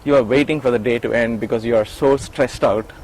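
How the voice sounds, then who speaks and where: A middle-aged man, a former attendant, recounts memories as an interview guest, animatedly acting out quoted lines with restarts and repeated words. He speaks briskly at a medium pitch. The audio is poor, with a bit of hiss or hum.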